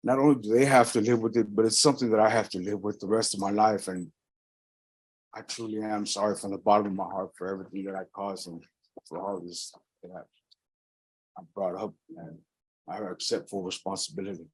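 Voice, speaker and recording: A man speaking as a defendant in a courtroom, talking quietly and hesitantly, almost whispering, with repeated restarts. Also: fairly low pitch, level tone, brisk, slightly rough, low-quality recording. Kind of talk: courtroom statement of remorse.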